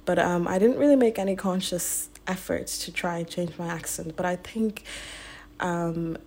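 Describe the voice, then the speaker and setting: A young woman from Nigeria who grew up in Ireland, with a soft Irish accent tinged with British, chatting reflectively on a podcast with many ums. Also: fairly low pitch, moderate pace. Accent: Irish, mixed with some British. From Nigeria, raised in Ireland. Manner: reflective, with frequent ums and restarts. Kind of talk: casual podcast chat.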